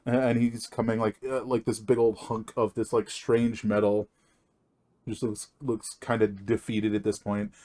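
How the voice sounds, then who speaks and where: Low-voiced man running a tabletop game. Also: level tone, warm tone. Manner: halting, many fillers and restarts. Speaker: game master.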